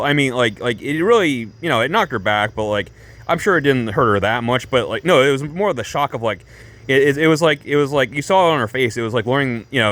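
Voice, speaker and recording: A man of medium pitch tells a story to camera in a loose, rambling vlog style. He leans hard on fillers and restarts and stays animated throughout. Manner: animated, breaks into laughs. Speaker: vlogger.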